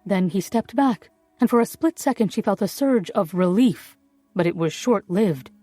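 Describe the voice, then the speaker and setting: A woman reading a novel aloud as audiobook narrator, in measured storytelling. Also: medium pitch, lively intonation, dark tone, faint music behind. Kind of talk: scripted narration.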